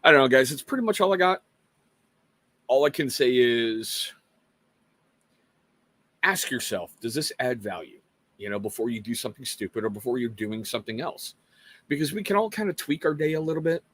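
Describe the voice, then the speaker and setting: A man's voice: medium pitch, lively intonation, normal speed, pauses often, fairly bright tone. Earnest, rambling middle-aged man. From Washington State. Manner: earnest, conversational, rambling with self-mocking jokes. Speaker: livestream host. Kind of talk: casual personal talk to viewers.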